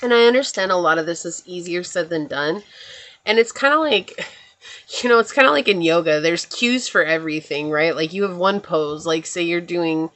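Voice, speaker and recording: A woman's voice: on the low side, normal speed, fairly bright tone. Chatty, reassuring tarot reader woman. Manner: chatty and meandering, often checking in with "right?". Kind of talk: casual spiritual tarot reading.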